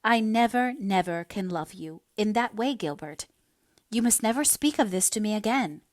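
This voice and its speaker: A woman voicing an emotional young woman who pleads and rushes, her voice lifting high. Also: animated, no room sound, studio quality, natural voice. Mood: pleading. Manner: rapturous, pleading, then distressed.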